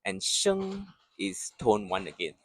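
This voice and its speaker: A man teaching pronunciation patiently, speaking slowly and drilling repeated syllables. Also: mid-range voice, very animated, dry recording. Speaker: Mandarin teacher. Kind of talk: slow pronunciation lesson.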